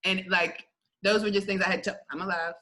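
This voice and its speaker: A young woman chatting as a guest, telling her faith testimony in a lively, chatty way with frequent laughs. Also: medium pitch, fairly quick, rough recording. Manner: lively, chatty, laughs often, many fillers. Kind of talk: casual faith testimony interview.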